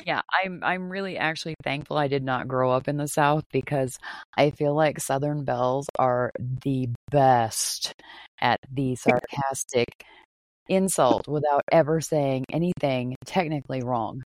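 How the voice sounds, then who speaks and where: A woman hosting a casual chat, frank, expressive and playful. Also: a bass voice, measured pace, no echo. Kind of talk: casual conversation.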